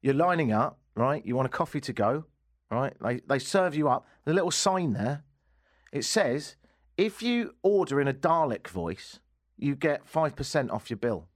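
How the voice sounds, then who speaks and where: Lively, teasing radio host man. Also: mid-range voice, normal speed. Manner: teasing, jokey storyteller. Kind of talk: casual radio banter.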